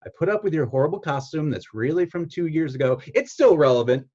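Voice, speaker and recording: A man's voice: fairly high pitch, big pitch swings, quick pace, a little mellow, muffled recording, voice pushed up. A man voicing a brash, impatient boy who mocks his friend, in a story reading. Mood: dismissive. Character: brash candy-crazed boy, dismissive.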